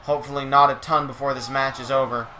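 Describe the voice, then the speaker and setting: A man's voice: mid-range voice, level tone, quick pace, sharp tone, slight background noise. A young man streaming a game, giving casual play-by-play commentary with chatty, self-correcting, playful asides.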